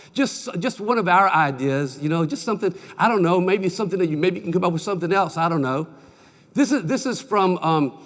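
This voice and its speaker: A middle-aged man delivers a keynote speech in a folksy, animated way, with a fairly high voice. He tells stories and keeps asking the crowd questions. The sound carries the long echo of a large conference hall. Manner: folksy, animated storyteller, asks the audience questions. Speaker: keynote speaker. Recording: distant mic with long hall reverb.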